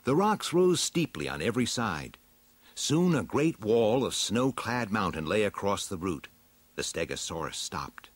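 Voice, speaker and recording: A man narrating a storybook in an expressive, dramatic read-aloud manner. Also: fairly low pitch, a little slow, husky, no echo.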